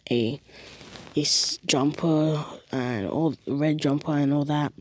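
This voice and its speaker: A young woman retelling a fan story casually, rambling and animated. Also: low-pitched, slow pace. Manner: rambling, animated, lots of restarts and acted quotes.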